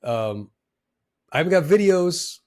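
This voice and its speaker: Animated man telling trading stories. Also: fairly high pitch, unhurried. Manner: animated, emphatic storyteller with many fillers. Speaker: former trader giving advice. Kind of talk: casual motivational talk.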